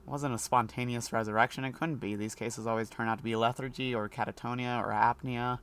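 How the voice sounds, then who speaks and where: A man's voice: mid-range voice, fairly even intonation, brisk, fairly bright tone, clear, resonant tone. A man streaming a video game, reading the dialogue aloud and joking between lines. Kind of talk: let's play commentary.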